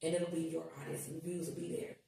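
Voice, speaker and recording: A woman guest on a podcast, telling stories in casual chat, animated and swearing as she acts out what people said. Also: sits low, fast talker, creaky, a little hiss or hum. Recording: echoey room, distant mic.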